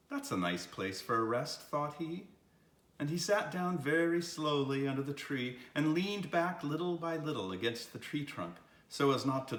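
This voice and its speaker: An older man reading a children's picture book aloud with an expressive, storytelling delivery. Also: on the high side. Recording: roomy echo.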